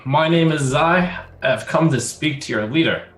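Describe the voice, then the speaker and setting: A man voicing a courteous, mild-mannered old man who speaks gently and placatingly. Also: a little high, moderate pace, close to an everyday voice. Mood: polite. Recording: roomy echo.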